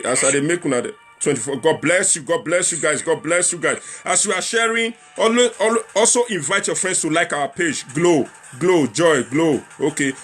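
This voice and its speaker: A young Nigerian man hosts a loose livestream show, talking to his viewers in a rambling, repetitive way and mixing in Pidgin slang. His voice sits a little high for a man. Faint music plays in the background. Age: young adult. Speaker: livestream talk show host. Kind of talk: casual livestream chat.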